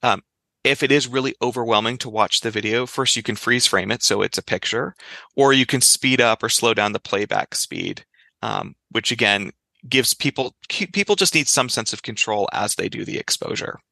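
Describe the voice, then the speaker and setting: A man speaking as a clinical psychologist guest in a conversational interview, explaining in a lively way and giving examples. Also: mid-range voice, moderate pace, gravelly, dry recording.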